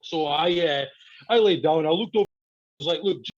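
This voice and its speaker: A man's voice: on the high side, moderate pace. A man, a podcast guest telling a story in casual chat, swearing a lot, laughing and acting out what people said. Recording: dull lo-fi podcast audio.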